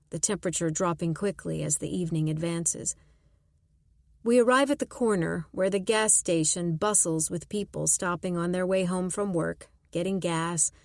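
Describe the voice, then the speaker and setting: A woman narrating a suspense audiobook in first person, measured and tense. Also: fairly low pitch, a little mellow, dry recording, studio quality.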